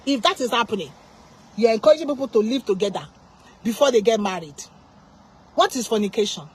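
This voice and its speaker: A woman's voice: a little high, animated, a little fast, breathy edge. A woman preaching an informal sermon, impassioned and full of repeated rhetorical questions.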